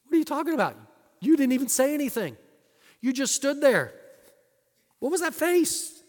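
A man's voice: big pitch swings, normal speed. A man squawking as an exasperated friend. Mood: incredulous. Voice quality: high, shrill, loud. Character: incredulous male friend, exasperated and mocking. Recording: long hall reverb.

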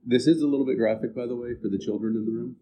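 A man's voice: medium pitch, very fast, muffled recording, slight background noise. A man preaching a sermon to his congregation, talking to them directly and conversationally. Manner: conversational teaching, asides to the congregation. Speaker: pastor.

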